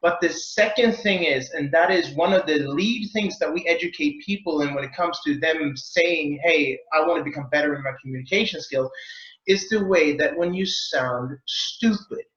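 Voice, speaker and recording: Animated man, roomy lo-fi sound. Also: on the high side, moderate pace. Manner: lively, playful, acts out mock accents and sounds. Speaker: communication expert guest. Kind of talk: animated interview answers.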